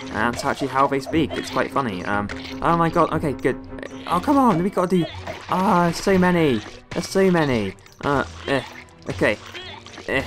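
A man's voice: on the high side, expressive, normal speed, over music. A young man from the West Country of England doing let's play commentary, exclaiming and grumbling at the game as he plays. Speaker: gaming video host.

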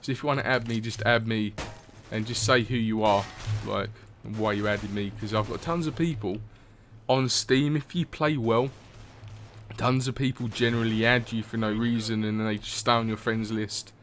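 A man's voice: fairly low pitch, fairly even intonation, normal speed, fairly bright tone, soft background music. A young man, chatting casually over gameplay in a rambling, swear-heavy way. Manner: rambling, swears often, laughs at own stories. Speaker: gaming commentator.

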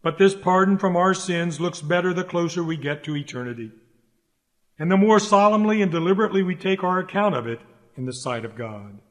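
A man's voice: high-pitched, a little fast, a bit bright. A man delivering a sermon aloud in an earnest, emphatic preaching manner, pressing his points through repeated direct appeals. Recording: long hall reverb.

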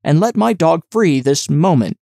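A man's voice: on the high side, lively intonation, moderate pace, vocal fry, warm tone, no room sound, studio quality, pitched above the performer's own voice. A man voicing a spoiled, imperious young girl who commands and protests indignantly.

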